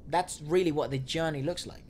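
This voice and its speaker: A man co-hosting a casual chat, slowly working through his thoughts with restarts and asides. Faint noise sits under a rough recording. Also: fairly high pitch, fairly even intonation, a little mellow. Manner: thoughtful, explains at length with restarts. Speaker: co-host. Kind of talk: casual chat reacting to music. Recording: faint noise, audio trouble said.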